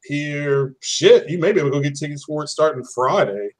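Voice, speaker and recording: A man's voice: fairly high pitch, brisk. A man hosting his own online show, chatting in an easygoing way and wrapping up with thanks to his guests. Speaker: show host. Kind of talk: casual chat.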